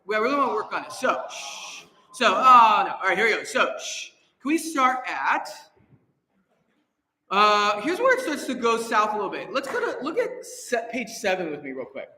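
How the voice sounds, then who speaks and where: A man directing a choir rehearsal, energetic and encouraging, counting the singers in and singing lines to them. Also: high-pitched, moderate pace. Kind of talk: rehearsal coaching. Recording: echoey hall, faint noise.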